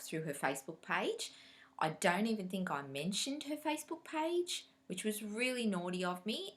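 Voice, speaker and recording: A woman's voice: lowish voice, a bit bright. A woman vlogging about cross-stitch in a casual, chatty way, telling stories animatedly, laughing often and acting out what people said.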